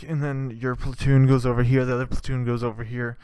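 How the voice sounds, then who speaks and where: A man's voice: medium pitch, little pitch movement, a little fast, few pauses, dark tone, clear, resonant tone, no room sound. Guy riffing on his podcast, swears a lot, acts stuff out, close dry mic. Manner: rambling, profane, acts out scenes. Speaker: podcast host. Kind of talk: comedic monologue.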